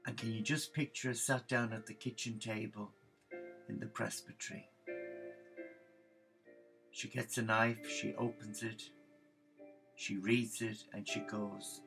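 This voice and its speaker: A man telling a comic story in a lively narrating way, slipping into character voices. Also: on the low side, measured pace, creaky, long pauses, soft background music, rough recording. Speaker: religious storyteller.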